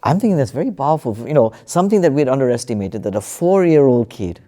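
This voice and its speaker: A man telling a story in a relaxed spiritual panel discussion, with plenty of fillers and restarts. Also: medium pitch, quick pace. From United Kingdom. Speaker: panel speaker.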